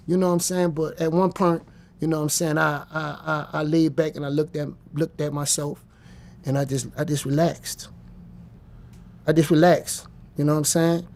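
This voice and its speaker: High-voiced man. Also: flat delivery, normal speed, a little mellow. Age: 50s. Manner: blunt, profane, streetwise. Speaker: interview guest. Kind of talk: casual storytelling.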